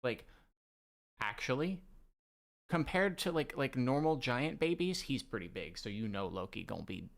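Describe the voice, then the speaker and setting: A man reading a manga aloud and reacting excitedly, with slang and swearing. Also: mid-range voice, moderate pace, gravelly.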